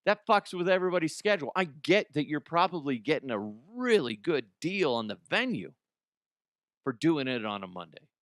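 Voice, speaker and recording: A man's voice: fairly high pitch, sing-song, normal speed, a bit bright, no echo, clean studio sound. A man hosting a comedy show, riffing sarcastically on odd news stories, swearing freely and jumping into mocking voices. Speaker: comedy podcast host.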